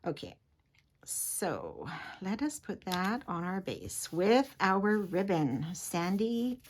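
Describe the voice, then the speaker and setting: A woman's voice: fairly low pitch, big pitch swings, unhurried, slightly rough. A woman giving a chatty, giggly craft tutorial, often dropping to a whisper as she works. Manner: chatty, giggly, drops to a whisper while working. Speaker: papercraft demonstrator.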